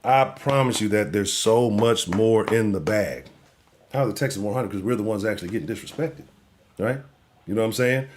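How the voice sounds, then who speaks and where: Animated, profane sports talk host. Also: male voice, mid-range voice. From Houston. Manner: profane, animated, swings from loud outbursts to mutters. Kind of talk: live sports talk rant.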